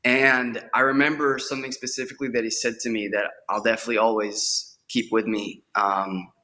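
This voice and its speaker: A man's voice: mid-range voice, flat delivery, brisk, bright, forceful tone. A young man, an actor, talking eagerly in a casual interview and often repeating words as he goes. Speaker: actor guest.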